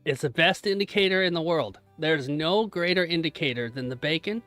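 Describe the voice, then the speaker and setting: A young man hosting his own live trading stream, chatty and self-mocking. His voice sits slightly high for a man, and he hypes up his trades like he's coaching a pet. Soft music plays faintly behind him. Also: expressive, brisk, dry recording. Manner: playful, laughs at himself, cheers on his trades. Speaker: livestreaming day trader. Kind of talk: casual live-stream chat.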